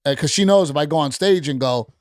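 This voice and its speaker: A male comedian guest chats animatedly on a podcast, swearing freely and slipping into quoted voices. His voice sits a little high. The recording is dry and close. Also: quick pace, no echo. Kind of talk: casual chat.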